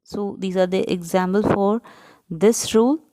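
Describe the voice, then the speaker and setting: In a grammar lesson for young children, a woman teacher works step by step, spelling out letters, splitting words into syllables, and often checking in with "right?". Her voice is medium-pitched and mellow, at a measured pace.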